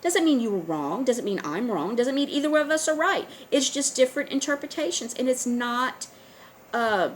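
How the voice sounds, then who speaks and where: A woman talking straight to her viewers in a casual monologue, earnest and urging, often pausing on fillers and restarting. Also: sits high, lively intonation, a little hiss or hum, rough recording. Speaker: online video host. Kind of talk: casual direct-to-camera monologue.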